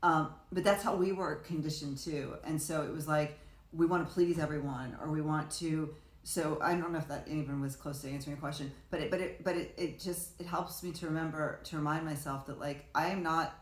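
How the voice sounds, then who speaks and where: A low-pitched woman chats on a podcast, rambling and restarting as she tells her stories. She acts out what people said. The room gives her voice a roomy echo. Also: steady tone, brisk. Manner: rambling storyteller, many restarts, acts out quotes. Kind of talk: casual conversation.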